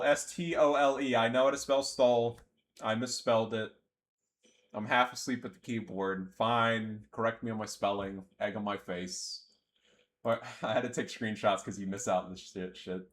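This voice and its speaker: A young man rants his way through gameplay commentary in a mid-pitched voice. His delivery is sarcastic and very animated, with pitch jumping between loud yelled outbursts and low, muttered asides. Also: normal speed. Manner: sarcastic, swings between yelling and low mumbling.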